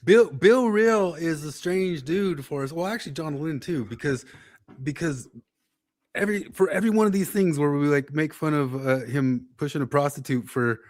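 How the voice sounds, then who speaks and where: A man's voice: a little high, normal speed, a little mellow, no echo, clean studio sound. A man co-hosting a casual livestream chat, laid-back and teasing, laughing often. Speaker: podcast co-host.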